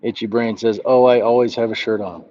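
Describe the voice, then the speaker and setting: A man hosting a casual livestream, reading viewers' comments aloud and answering them in a relaxed, friendly way. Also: mid-range voice, brisk, muffled recording, a little hiss or hum. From Southwest United States. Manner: reads chat messages aloud, relaxed and friendly. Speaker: livestream host. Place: walking outdoors.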